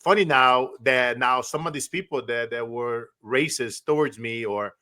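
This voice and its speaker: A man's voice: mid-range voice, moderate pace, sharp tone. A man from Brazil, hosting a casual interview in an earnest, enthusiastic way. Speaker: host.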